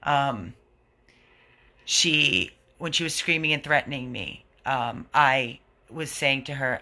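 A man's voice: mid-range voice, slow, gravelly, bright, forceful tone. A man who runs an animal rescue, giving an indignant, earnest video update to his followers.

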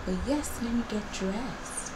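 A woman's voice: fairly high pitch, a little slow, very noisy. A young woman in a casual behind-the-scenes vlog, chatting playfully to her viewers while getting ready at home. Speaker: beauty and lifestyle vlogger. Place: at home, among her filming lights.

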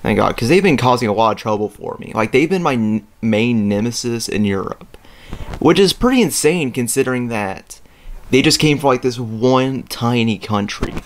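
A young man hosting a let's play, rambling casually with lots of fillers and throat clearing as he plays a strategy game. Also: mid-range voice, expressive, moderate pace. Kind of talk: casual gameplay commentary. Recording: faint game music behind.

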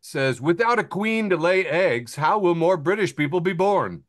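Lively man hosting a podcast. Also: sits high, normal speed, no echo, studio quality. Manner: chuckles between readings. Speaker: podcast host. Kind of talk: casual chat reading social media posts aloud.

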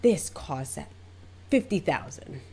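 A woman mimicking a haughty, wealthy female salon client who brags and speaks in a low, dismissive drawl. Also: animated, slow, vocal fry, a little mellow, slightly rough, exaggerated voice.

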